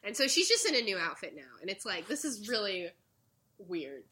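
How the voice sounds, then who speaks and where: Young woman, podcast co-host, bright voice that swings widely, acts out lines, laughs a lot. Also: medium pitch, moderate pace. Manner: animated retelling, acts out characters' lines, laughs often. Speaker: podcast co-host recapping a show. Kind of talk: casual chat.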